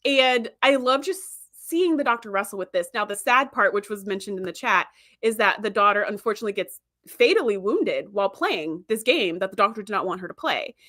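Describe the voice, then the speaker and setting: A woman's voice: mid-range voice, animated, fairly quick, a bit bright. A woman podcast host casually retelling a TV episode in a chatty, rambling way, full of "like" and "you know". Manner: chatty, filler-heavy storytelling with many "like"s.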